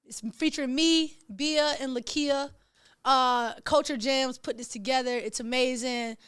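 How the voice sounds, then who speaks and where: A young woman, hosting a show and telling excited, slangy stories in casual chat. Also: high-pitched, measured pace, clear, resonant tone, dry recording, clean studio sound. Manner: excitable, slangy, animated storytelling. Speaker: podcast host. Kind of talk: casual storytelling to camera.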